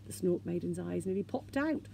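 A woman teacher reading a children's storybook aloud in a gentle, expressive way. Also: lowish voice, moderate pace, gravelly, a little hiss or hum.

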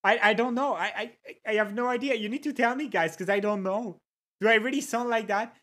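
Excitable streamer, native French speaker. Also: medium pitch, normal speed. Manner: excitable, laughs and swears, greets chat. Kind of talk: casual live-stream chat.

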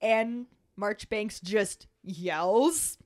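A woman's voice: medium pitch, drawn-out words, a little mellow. A young adult woman co-hosting a podcast, recapping a book in casual chat and swearing freely. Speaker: podcast co-host.

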